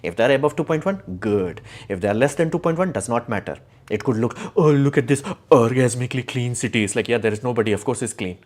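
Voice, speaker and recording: A man's voice: mid-range voice, animated, quick pace. A man hosting a casual live stream, giving strong opinions in a rambling way with many fillers and restarts. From India.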